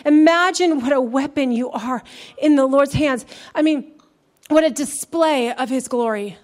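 High-voiced woman preaching a sermon. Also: a little slow, darkish tone. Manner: emphatic preaching with rising, fervent calls. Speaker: pastor. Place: church sanctuary.

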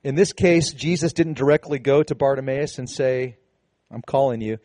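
A man preaching a sermon to his congregation, animated and conversational, with casual asides. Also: mid-range voice, normal speed, dry recording. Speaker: pastor. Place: church service with a congregation.

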